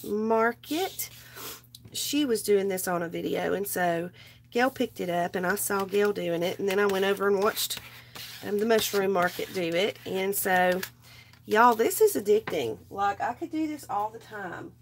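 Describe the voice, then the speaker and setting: A woman's voice: mid-range voice, unhurried, slight background noise. A woman, sick and straining her voice, rambling casually to viewers while crafting on a livestream. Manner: rambling, greets viewers by name.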